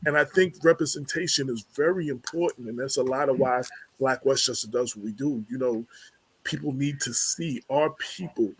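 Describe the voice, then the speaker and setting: A man hosting a community radio talk show, speaking in a halting way with many fillers and repeated words. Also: medium pitch, slightly rough.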